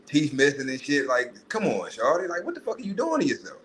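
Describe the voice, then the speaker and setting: A man hosting a podcast, ranting in a profane, animated way and putting on mocking voices. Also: fairly high pitch, fairly quick, slight background noise, rough recording. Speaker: podcast host. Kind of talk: casual monologue.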